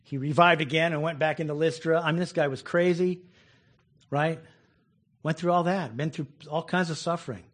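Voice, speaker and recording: A man's voice: a little high, fairly even intonation, moderate pace, fairly bright tone. A man preaching a conversational sermon, chuckling often and acting out people's complaints. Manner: conversational, laughs often, acts out quoted complaints.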